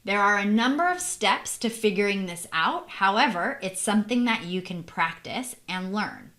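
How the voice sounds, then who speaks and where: A woman's voice: medium pitch, expressive, fairly bright tone. A woman teaching English pronunciation, modeling word endings carefully and asking the learner questions. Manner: clear, careful, deliberate modeling of sounds. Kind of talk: recorded teaching lesson.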